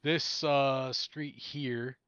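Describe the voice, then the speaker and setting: A man's voice: medium pitch, steady tone, very slow, fairly bright tone, clean tone, muffled recording, faint music behind. A man playing a tabletop role-playing game, talking bluntly and casually, a bit crude. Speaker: player.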